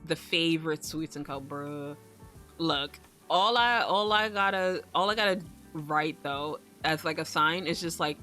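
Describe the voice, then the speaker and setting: A woman's voice: sits low, measured pace, pushed and bright, faint music behind. A young woman streaming, chatting casually in a rambling way, swearing freely and laughing often. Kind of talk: casual livestream chat.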